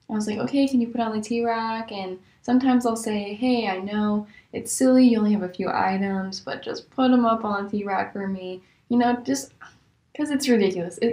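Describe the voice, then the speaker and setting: A young woman tells her stories casually in a mid-pitched voice, animated and exasperated. Her voice leaps high when something shocks her. The room around her is echoey. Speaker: vlogger. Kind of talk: casual storytelling.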